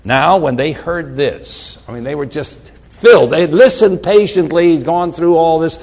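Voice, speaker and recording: A man's voice: a little high, measured pace, a little mellow, long reverb tail. A man preaching a sermon, reading scripture aloud with rising emphasis and slipping into casual asides. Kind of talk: sermon, Bible exposition.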